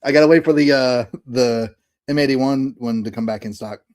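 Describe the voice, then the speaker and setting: A man in his thirties co-hosting a casual podcast over a remote call, rambling with fillers and quick bursts. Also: medium pitch, darkish tone. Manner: rambling, many fillers and restarts, bursts of speed. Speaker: podcast co-host. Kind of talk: casual chat.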